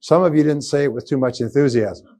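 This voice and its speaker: A man's voice: medium pitch, fast, warm tone. Emphatic older man giving a seminar. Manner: emphatic, repetitive, rising to punchy exclamations. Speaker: motivational speaker. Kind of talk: live seminar lecture. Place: seminar hall with a live audience.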